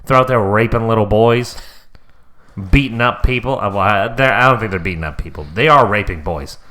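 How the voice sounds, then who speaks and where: A man's voice: on the low side, a little fast, bright, forceful tone. A young man co-hosting a podcast, rambling playfully in casual chat. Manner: rambling, lots of "like" fillers, playful. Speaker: podcast co-host.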